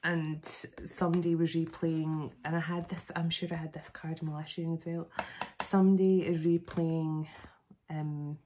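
A woman's voice: low voice, level tone, normal speed, dark tone, a little hiss or hum, low-quality recording. A woman giving a casual spoken tarot reading. She rambles chattily, with many fillers and restarts. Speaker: tarot reader.

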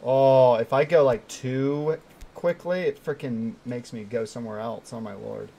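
This young gaming streamer has a mid-range voice and a measured pace as he narrates his climbing game live. Startles make him yelp and shout excitedly, and between plays he chats with viewers and mutters to himself. Faint noise sits in the background.

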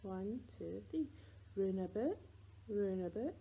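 A woman with a Scottish accent leading rhymes and songs for babies in a library, sing-song and playful with soft whispered asides. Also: medium pitch, big pitch swings, measured pace, husky, poor audio. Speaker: children's librarian.

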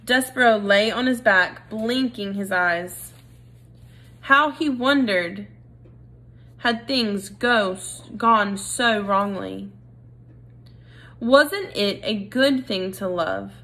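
Woman reading aloud, storybook narration, slow and gentle, bright tone, addresses listener. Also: medium pitch. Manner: gentle, expressive, addresses the reader directly.

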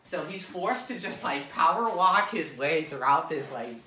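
A man's voice: a little high, unhurried, a little hiss or hum. A young man giving a crude, slangy, rambling story recap to friends, acting out the characters' lines. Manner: crude slangy storytelling, animated quoted voices. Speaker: presenter of a fan lecture. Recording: echoey room, voice from a distance.

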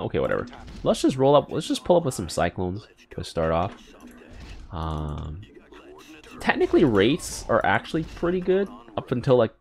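A man giving casual live gameplay commentary as a gaming YouTuber, excitable and slangy, with sudden squeals and mumbled asides. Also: fairly low pitch.

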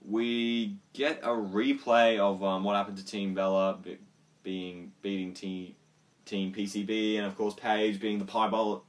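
A man with a fairly low voice gives a loose, excitable wrestling review, swearing freely and scattering ums through his talk. He sits some distance back from the microphone, so his voice sounds a little distant. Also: measured pace. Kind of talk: casual video review.

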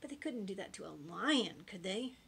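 A woman reading aloud and voicing a male lion who goes from lazy and slow to high-pitched and frightened. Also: expressive, gravelly, fairly bright tone, slightly rough, heavily acted. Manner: slow and lazy, then high and squeaky with fear.

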